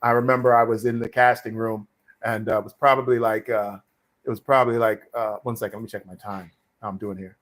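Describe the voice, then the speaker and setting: A man's voice: lowish voice, little pitch movement, fast talker, fairly bright tone. A middle-aged man hosting a live stream Q&A about acting, talking casually with many fillers and restarts as he tells stories and gives advice. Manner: rambling storyteller, frequent fillers and restarts. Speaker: live stream host, actor. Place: home studio.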